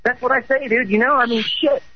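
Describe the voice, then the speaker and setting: A man's voice: extremely high pitch, steady tone, brisk, slight background noise. A man arguing heatedly on a call, angry and profane, insisting he has stayed out of it, heard over muffled lo-fi audio. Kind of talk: heated argument.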